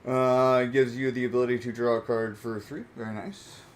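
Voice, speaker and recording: A man's voice: mid-range voice, little pitch movement, fairly quick, a little hiss or hum. A man hosting his own channel, chatting casually as he opens trading card packs and repeats his reactions. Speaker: channel host. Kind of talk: casual card-opening chat.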